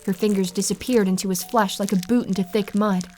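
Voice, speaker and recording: A woman's voice: medium pitch, steady tone, brisk, a little mellow. Woman narrating a horror story. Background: faint music.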